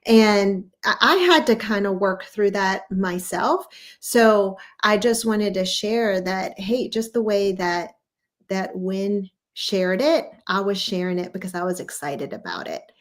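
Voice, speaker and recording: A woman's voice: medium pitch, animated, measured pace. A woman hosting a podcast in casual conversation, thinking aloud in a reflective way. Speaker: podcast host.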